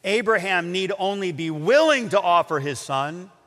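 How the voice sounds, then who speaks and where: A man's voice: high-pitched, lively intonation, normal speed, fairly bright tone, long reverb tail. A man preaching a sermon with impassioned, dramatic delivery and stammered restarts.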